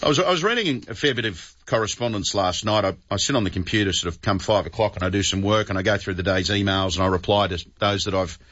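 A man with an Australian accent hosting talkback radio, indignant and forceful, often repeating words. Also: fairly low pitch, no echo. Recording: dull, dry radio broadcast.

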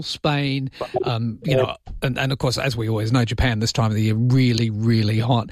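An Australian man hosting an overnight talkback radio show, chatting warmly with callers and calling them his friend. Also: mid-range voice, dry recording, clean studio sound. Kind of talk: late-night talkback radio chat. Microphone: studio microphone.

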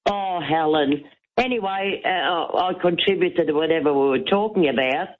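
A woman's voice: low-pitched, moderate pace. A woman calling a radio talk show, telling her story in a chatty, rambling way full of fillers and restarts. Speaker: radio caller. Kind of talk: casual phone-in storytelling. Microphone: telephone. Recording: tinny phone line.

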